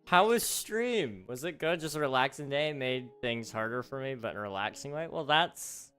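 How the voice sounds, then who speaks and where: A man's voice: mid-range voice, lively intonation, moderate pace, fairly bright tone, clean tone, faint music behind. Chatty young man hosting a gaming stream. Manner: chatty, laughs often, reads chat aloud. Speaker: livestream host. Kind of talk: casual chat while gaming.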